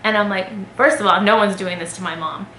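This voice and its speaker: Speaking briskly in a bright, forceful, steady mid-range voice, a young adult woman recounts a personal story to her viewers. The vlog is candid and conversational, packed with fillers, and recorded in an echoey space with faint noise.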